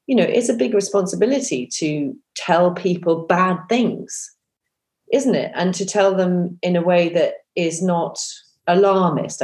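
A woman in her fifties who once presented breakfast TV speaks in a deep, darkish voice as a guest on a podcast. The casual interview chat is chatty and self-deprecating, full of fillers and restarts.

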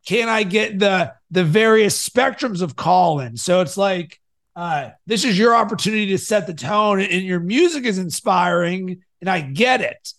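A man hosting a podcast and coaching his guest, energetic, swinging between loud and soft to make his points. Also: high voice, moderate pace. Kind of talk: coaching conversation.

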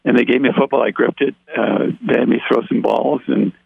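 A man as an interview guest, telling a personal testimony in an animated way and acting out the dialogue he quotes, over a phone line. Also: mid-range voice, a little fast, gravelly, breathy edge, dry recording. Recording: tinny dry phone line.

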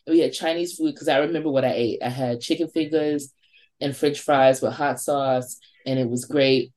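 A woman in her forties from New York, a podcast guest telling a spooky story in a lively way, swearing freely and acting out her friends' lines. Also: rumbling low, moderate pace. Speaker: podcast guest, wine shop owner.

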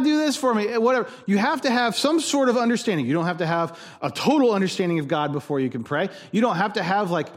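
A man preaching a sermon as a pastor, conversational and emphatic, repeating his key points. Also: sits high.

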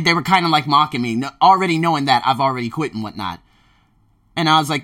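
A man hosts a casual podcast monologue, his voice sitting a little high with a bright, forceful edge. He tells stories about his life as a teacher working abroad, acts out his own lines with energy and swears without holding back. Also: fast talker. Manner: animated storyteller who acts out his own quotes, swears freely. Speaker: podcast host.

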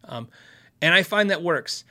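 A man's voice: a little high, lively intonation, measured pace, bright, forceful tone. A man hosting a casual livestream, answering viewer questions in a friendly, frank way and laughing often.

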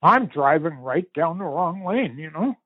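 An older man from Canada recounting a family story in conversation, unhurried and vivid, with pauses and restarts. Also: on the high side, lively intonation, breathy edge, no room sound. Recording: tinny phone-like line, dry.

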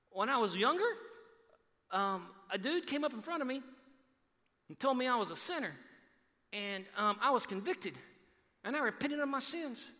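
A man from Texas preaching a sermon to a church, animated and repetitive, swinging between loud emphasis and quiet asides. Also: very high voice, moderate pace, long pauses. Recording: reverberant hall.

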